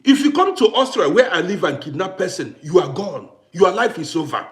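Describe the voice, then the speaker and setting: Emphatic man with a lively, high voice. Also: brisk. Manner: emphatic, repetitive, challenging. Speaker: vlogger. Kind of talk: ranting to camera. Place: living in Austria.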